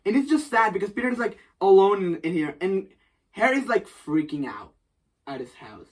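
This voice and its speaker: A woman's voice: mid-range voice, very animated, moderate pace, slightly rough. A woman co-hosting a podcast, retelling a comic story in casual chat, acting out quotes and swearing freely. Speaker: podcast co-host. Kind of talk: casual comic book recap.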